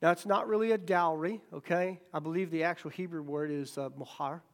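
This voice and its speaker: High-voiced folksy man preaching. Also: steady tone, brisk. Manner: folksy, joking, asks "okay?" and "right?" often; acts out quoted voices in stories. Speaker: pastor. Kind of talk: sermon.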